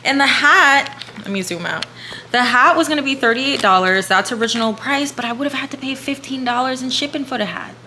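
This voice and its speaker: A young woman vlogging at home, chatting casually and slangily while shopping online, gasping and whispering when excited. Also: a little high, fast. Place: room at home. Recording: echoey room with faint hum.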